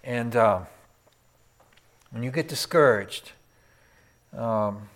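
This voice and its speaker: A man preaches a sermon in a mid-range voice at a very slow pace, swinging between loud, emphatic peaks and hushed whispers. He throws rhetorical questions at the congregation.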